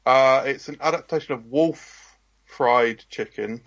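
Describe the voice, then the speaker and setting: A man's voice: medium pitch, measured pace, a bit bright, slight background noise. Offhand man on a podcast. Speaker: podcast co-host. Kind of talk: casual chat. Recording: dull lo-fi podcast audio.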